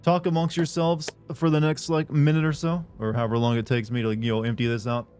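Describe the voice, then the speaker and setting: A man's voice: mid-range voice, monotone, fast, a little mellow, soft background music. A man live streaming, chatting casually with his viewers in a sarcastic, joking, rambling way.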